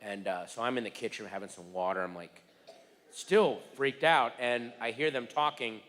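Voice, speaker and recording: Exasperated comedian in a big theater. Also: male voice, medium pitch. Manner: rapid, exasperated storytelling with bursts of shouting. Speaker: stand-up comedian. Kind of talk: stand-up comedy routine. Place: large theater stage. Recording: reverberant theater with faint room noise.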